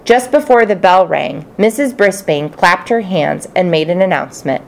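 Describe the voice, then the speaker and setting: A woman narrating a children's storybook in the first person, expressive and playful. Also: fairly low pitch, normal speed, creaky, hardly any pauses. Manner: expressive, playful character voices. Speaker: audiobook narrator.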